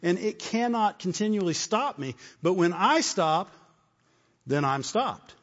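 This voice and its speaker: A man's voice: sits high, expressive, unhurried, a bit bright. A man preaching a sermon with repeated phrases, often asking "Amen?". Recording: dull, echoey hall.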